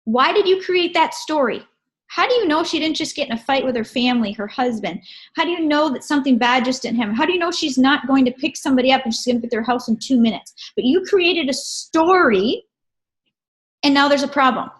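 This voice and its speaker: A woman with a slightly high voice retells a training session to a group. She tells it as a lively, casual story and keeps checking in with her listeners along the way. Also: brisk. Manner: animated, checks in with listeners often. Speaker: presenter recapping a training event.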